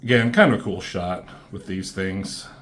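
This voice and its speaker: A man's voice: low voice, moderate pace, a bit bright, soft background music. Rambling, foul-mouthed man reviewing comics. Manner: rambling, profane, many fillers and restarts. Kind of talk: casual commentary on comic pages.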